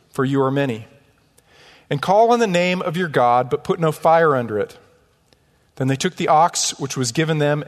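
Lively preaching man in a church hall. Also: on the high side. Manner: animated, mocking asides and rhetorical questions. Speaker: pastor. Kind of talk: sermon. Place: church sanctuary.

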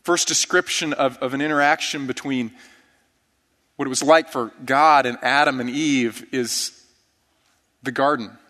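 A man's voice: mid-range voice, fairly even intonation, a little slow, long pauses, bright, forceful tone. A man preaching an earnest, reverent sermon as pastor. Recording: church sanctuary with long reverb.

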